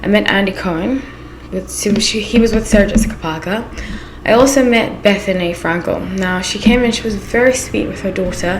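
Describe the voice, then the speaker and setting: A woman's voice: mid-range voice, a little fast, echoey room, background noise. A woman from Southern Africa with a Zimbabwean accent, chatting casually as a channel host and telling anecdotes with lots of asides. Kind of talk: casual chat.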